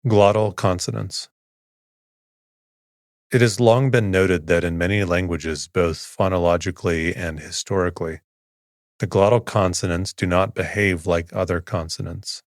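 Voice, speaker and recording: A man hosting a sleep podcast, reading a dense text in a slow, even, soothing way. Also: low voice, no room sound, studio quality.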